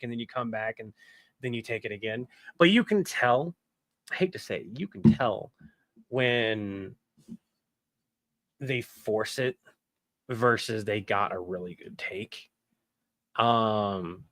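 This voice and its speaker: A man's voice: mid-range voice, sharp tone, no room sound. A man chatting casually on a livestream from his home setup, rambling candidly and swearing now and then. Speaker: streamer and voice actor.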